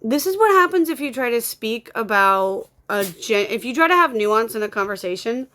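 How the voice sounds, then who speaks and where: A woman's voice: a little high, expressive, moderate pace, fairly bright tone. Irritated young woman ranting while blocking people. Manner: agitated, swearing, mutters while blocking users. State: upset and irritated. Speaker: content creator. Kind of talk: angry screen-recording rant. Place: home with dogs, construction noise outside.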